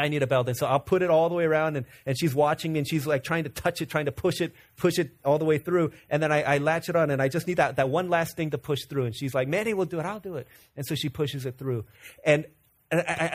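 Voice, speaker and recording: A man in his thirties preaching a sermon, telling a family story with quoted dialogue and many rhetorical questions. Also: a little high. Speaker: pastor.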